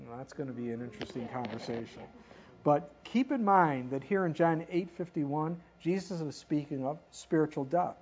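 A woman's voice: low-pitched, animated, moderate pace, darkish tone. A woman preaching a sermon in a conversational way, asking rhetorical questions and reading scripture aloud. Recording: dull lo-fi recording.

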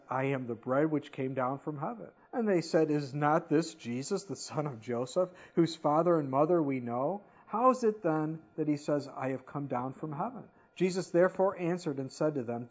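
A man's voice: a little high, husky, lo-fi sound. A man preaching a sermon as a pastor, reading scripture aloud and then explaining it in casual, conversational asides.

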